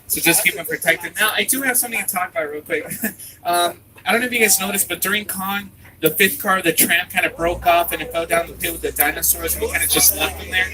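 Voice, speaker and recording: A man leading a theme park tram tour, joking and getting excited as he narrates. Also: high voice, fast, recorded from a distance, over music, rough recording. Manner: playful, jokey, excitable.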